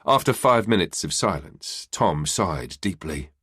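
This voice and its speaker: A man narrating a crime thriller audiobook in a measured, even way. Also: sits low, husky, no echo, studio quality. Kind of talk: scripted narration.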